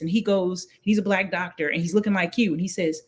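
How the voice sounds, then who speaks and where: A woman, a guest telling her story in a casual interview, acting out what others said in lively voices. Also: fairly low pitch, quick pace. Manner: animated, acts out quoted voices.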